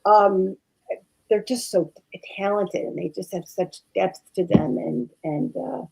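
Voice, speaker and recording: A woman's voice: mid-range voice, animated, slow, creaky, darkish tone, breathy edge, rough recording. A woman actress chatting as a guest in an interview, rambling with many fillers and restarts. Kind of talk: casual interview chat.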